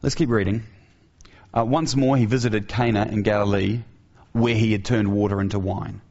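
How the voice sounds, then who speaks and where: A man's voice: fairly low pitch, fairly even intonation, moderate pace, vocal fry, darkish tone. A man preaching an earnest sermon who asks his listeners rhetorical questions, in a dull, lo-fi recording.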